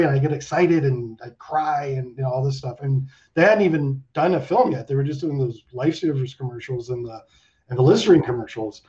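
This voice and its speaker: A man around fifty, a guest in a casual interview, telling stories in an animated way, swearing and laughing, with lots of "like". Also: mid-range voice, fairly quick. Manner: animated, swearing storyteller full of likes and laughs. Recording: dull lo-fi sound.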